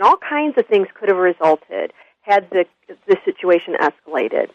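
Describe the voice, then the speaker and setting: A woman guest telling a story in an earnest, animated interview. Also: fairly low pitch, moderate pace, no echo. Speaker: guest, school consultant. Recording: dull lo-fi radio audio.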